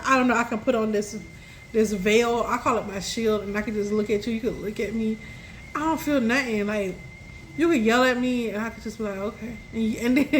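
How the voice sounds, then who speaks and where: A young adult woman telling a personal story in a casual, chatty way, laughing often and rising high when excited. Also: slight background noise.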